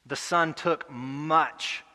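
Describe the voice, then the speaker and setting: A young adult man preaching a sermon earnestly, building to loud emotional peaks. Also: fairly high pitch, extremely slow, big-room sound. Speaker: pastor. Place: church hall.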